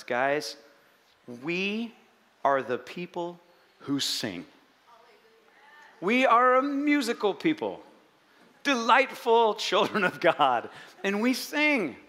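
A man preaching a sermon in an animated way, swinging between loud and soft. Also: a little high, measured pace. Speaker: pastor. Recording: long hall reverb.

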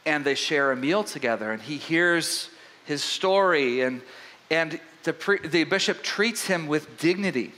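A man preaching a sermon as pastor, telling a story in an animated way with frequent restarts. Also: fairly high pitch, measured pace.

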